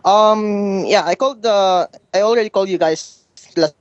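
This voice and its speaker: A man's voice: sits high, no echo, dull audio. Earnest young male caller from the Philippines. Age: 20s. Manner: halting, earnest, many fillers. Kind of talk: phone-in question.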